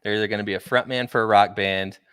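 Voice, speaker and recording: A young man with a low voice, chatting loosely on a podcast. He jokes easily and often loses his thread mid-sentence, and the recording is close and dry with no room sound. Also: steady tone, fast talker, fairly bright tone, clear, resonant tone, dry recording. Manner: laid-back, jokey, trails off mid-sentence. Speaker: podcast co-host. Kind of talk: casual chat.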